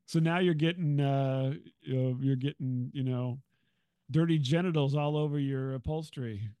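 A man's voice: medium pitch, normal speed, mellow, clean tone, no room sound. A man guest on a podcast in casual chat, jokey and hesitant, trailing off with fillers.

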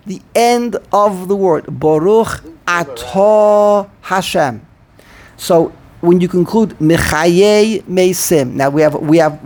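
A man's voice: high-pitched, a little mellow. A man teaching a Hebrew pronunciation lesson, often repeating himself and drawing out chanted example phrases. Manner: repeats words, self-correcting, drawn-out chanted pronunciations. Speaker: Torah teacher.

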